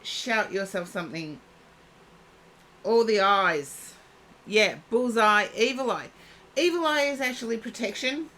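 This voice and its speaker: A woman's voice: on the high side, expressive, measured pace, long pauses, bright, forceful tone, a little hiss or hum. A woman giving a live-streamed oracle card reading, chatting and thinking aloud as she reads. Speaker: psychic card reader.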